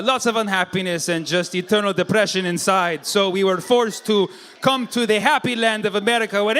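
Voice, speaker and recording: A man doing stand-up crowd work, teasing and profane in quick banter with the audience. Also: high-pitched, sharp tone. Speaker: stand-up comedian. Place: comedy club stage.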